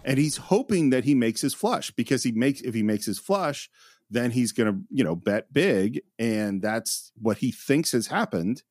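A man's voice: mid-range voice, lively intonation, moderate pace, darkish tone, no room sound. A man co-hosting a film podcast, sharing his opinions with eager enthusiasm. His voice moves up and down freely, recorded close and dry. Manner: enthusiastic, laughs while giving opinions. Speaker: podcast co-host. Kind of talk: casual movie-review chat.

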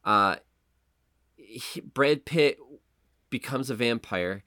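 A man co-hosting a podcast, chatting casually and animatedly, swearing and mocking things with quick impressions. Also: mid-range voice, sharp tone, no room sound, clean studio sound. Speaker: podcast co-host. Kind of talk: casual chat.

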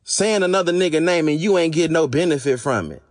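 A podcast host with a hoarse, fading voice, delivering a blunt, profane, exasperated monologue. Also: male voice, on the high side, expressive, a little fast. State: losing his voice.

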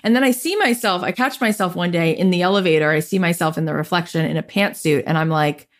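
This podcast guest, a woman in her thirties, talks at a quick pace in a voice on the low side. Animated throughout the interview, she tells her life story and voices the people who spoke to her.

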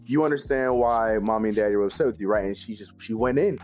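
A man in a casual podcast chat, telling a story quickly and excitedly. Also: on the low side, soft background music.

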